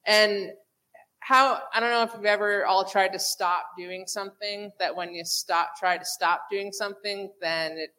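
A woman sharing a personal faith testimony to a group, halting with many restarts and fillers. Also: mid-range voice, fairly even intonation, bright, forceful tone, low-quality recording.

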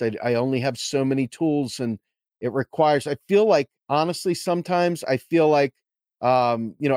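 A middle-aged man hosting a casual livestream, talking in an animated, playful, self-mocking way. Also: mid-range voice, dry recording, studio quality. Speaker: podcast host.

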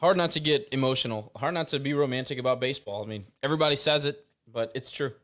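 A man's voice: mid-range voice, fast, fairly bright tone. A man hosting a casual sports talk show, talking with enthusiasm and rambling from one player to the next. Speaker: podcast host.

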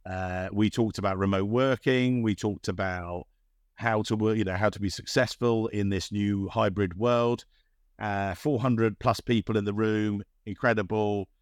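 A man with a low voice talks as a podcast guest. He rambles in a casual, chatty way and slips in dry jokes. The recording is close and dry. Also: fairly even intonation, unhurried, no room sound. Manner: chatty, rambling, self-promoting with dry humor. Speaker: podcast guest, recruitment CEO. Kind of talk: casual interview talk.

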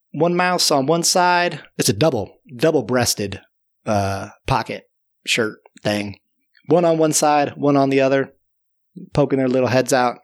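A man telling a story in a chatty, animated way, chuckling now and then. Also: on the high side. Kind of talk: spoken storytelling.

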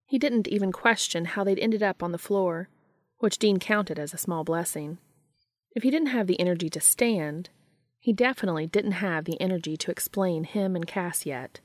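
A woman reading a fan story aloud as the podcast's host, with steady, even narration. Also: on the low side, no echo, studio quality. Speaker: podcast reader of fan fiction.

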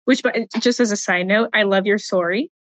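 A woman psychotherapist guest telling her story in an animated, conversational way. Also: medium pitch, dry recording. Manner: storytelling, animated, quick asides. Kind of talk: conversational interview.

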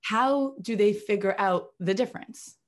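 A woman's voice: mid-range voice, unhurried. Upbeat woman hosting a podcast. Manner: enthusiastic, addresses listeners directly. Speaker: podcast host. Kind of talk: casual interview talk.

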